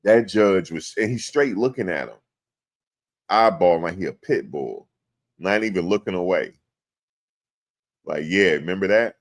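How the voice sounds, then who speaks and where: A man with a low voice live-streams casual commentary on a court case for his viewers, speaking unhurriedly and pausing often. He's animated and slangy, acting out quotes in exaggerated voices as the host.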